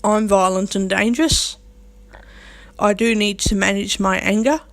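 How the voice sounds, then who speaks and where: A woman talks straight to her viewers with blunt, defiant force, often in coarse words. She repeats her points over and over to press them home. Her voice sits at an ordinary pitch and sounds close and dry, with no room echo. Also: steady tone, measured pace. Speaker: vlogger. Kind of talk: unscripted talk to camera.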